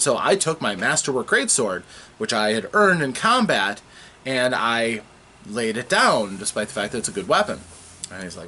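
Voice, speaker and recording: A man casually recapping a tabletop game session, telling it with animated, halting restarts. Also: on the low side, a little hiss or hum.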